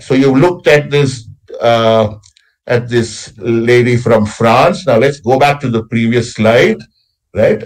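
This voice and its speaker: A man's voice: mid-range voice, darkish tone, low-quality recording. A man lecturing on poetic meter at a college workshop, explaining patiently and checking in with a frequent "right?". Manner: explanatory, frequent tag "right?", recites lines with exaggerated stress.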